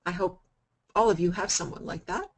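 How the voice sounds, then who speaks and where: Woman, self-help coach, breathy voice, lowish pitch, guided talk, sudden loud emphasis. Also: moderate pace, poor audio.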